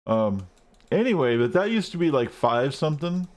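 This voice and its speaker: A man's voice: medium pitch, sing-song, moderate pace, darkish tone. A man live-streaming a game, chatting casually and rambling while he plays, swearing often.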